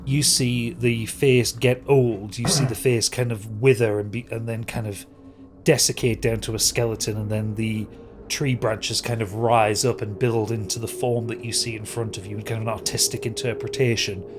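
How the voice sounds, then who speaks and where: A man narrating as game master of a tabletop game, describing scenes with many pauses and fillers. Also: medium pitch, level tone, music in the background. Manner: descriptive, hesitant, many ums and kind ofs.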